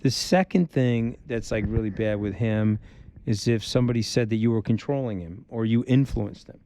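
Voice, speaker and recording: Blunt, emphatic middle-aged man, warm tone. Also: medium pitch, normal speed. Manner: blunt, emphatic, repeats points for force; animated storyteller who acts out quotes. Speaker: interview guest. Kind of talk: candid podcast conversation.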